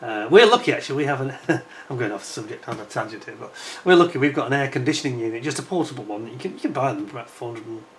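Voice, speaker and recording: Middle-aged British male host, casual rambling model-review chat, mid pitch, faint room hum. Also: very fast, hardly any pauses. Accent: British English. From United Kingdom. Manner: chatty, wanders off on tangents, frequent fillers. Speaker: scale model kit reviewer. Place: indoors at home, warm room with a fan.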